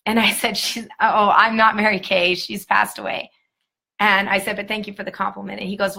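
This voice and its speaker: A woman's voice: mid-range voice, flat delivery, moderate pace, creaky, sharp tone. A woman training a new sales team on a live stream, talking in an emphatic, upbeat pep-talk way.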